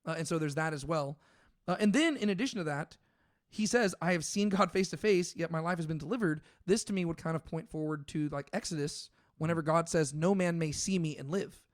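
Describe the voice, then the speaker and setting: A man co-hosts a laid-back scripture discussion, working through his ideas out loud with frequent fillers and self-corrections. His voice sits a bit higher than most men's, and the sound is close and dry with no room around it. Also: fairly quick, no echo. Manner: thinks aloud with many fillers and restarts. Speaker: podcast co-host. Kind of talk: casual Bible discussion.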